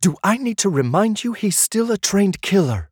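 A sharp-tongued young warrior woman, suspicious and quick to anger, as a male audiobook narrator raises his voice to play her. She sounds noticeably higher than the deep reading voice around her. The sound is close and dry. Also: very animated, breathy edge, no room sound, exaggerated voice. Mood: impatient. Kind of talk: audiobook character voice.

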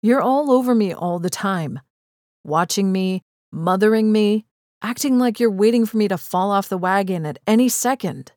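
Woman doing a defensive young guy, blunt, dismissive, slightly lower. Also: moderate pace, darkish tone, dry recording, clean studio sound, lightly acted. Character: defensive young man in recovery.

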